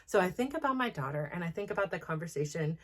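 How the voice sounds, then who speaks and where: A middle-aged woman hosts a candid personal talk, her voice sitting a little low. She speaks frankly and with feeling, rambling through her thoughts with plenty of "like" fillers. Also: expressive, fast, fairly bright tone. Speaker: host.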